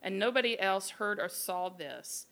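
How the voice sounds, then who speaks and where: A woman spins a creepy tale on a live podcast, her telling loose, salty and full of animated quoted voices. She sits at a mid pitch and keeps it conversational. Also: a little slow. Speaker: podcast host. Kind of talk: casual storytelling. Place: live show at a beer garden.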